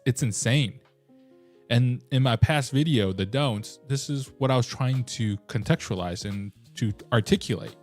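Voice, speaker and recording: Lower-voiced man ranting animatedly. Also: a little mellow. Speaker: host. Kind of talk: reaction video commentary.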